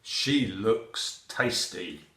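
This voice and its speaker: A man's voice: on the low side, lively intonation, very slow, fairly bright tone, reverberant, exaggerated voice. A man voicing a sly, greedy storybook wolf who gloats over his next meal. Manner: gloating, relishing. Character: big bad male wolf, greedy and sly.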